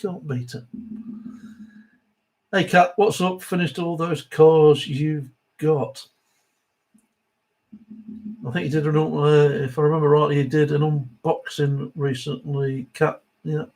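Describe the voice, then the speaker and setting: A man's voice: on the high side, flat delivery, slow pace, long pauses, darkish tone. A middle-aged man with an East Midlands accent, hosting a live stream in a chatty, matey way, reading out viewer comments and chuckling between them. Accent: East Midlands English. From English Midlands. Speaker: host of a diecast model livestream.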